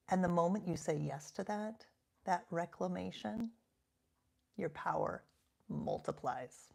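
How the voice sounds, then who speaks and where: A woman in her fifties giving a reflective self-help talk as a coach. Her voice sits a little low, and her delivery is gentle and earnest. She often slows and drops to a soft half-whisper to stress a point. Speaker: coach and podcast host.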